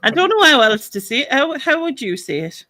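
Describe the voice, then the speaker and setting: A woman's voice: high-pitched, sing-song, a little fast, pushed and bright, no room sound. Sunderland lady hosting a video call chat, jokey, dry close sound. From Sunderland, England. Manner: joking, teasing, laughs often. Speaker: channel host.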